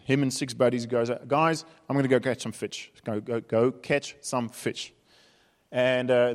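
A man with a South African accent preaching a sermon, telling stories in a conversational, humorous way. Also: a little high. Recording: reverberant hall.

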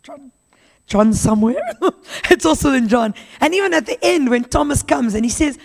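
A woman's voice: sits high, animated, normal speed, gravelly. A woman preacher giving a conversational sermon in a church, acting out the Bible characters' dialogue as she retells it. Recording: long hall reverb.

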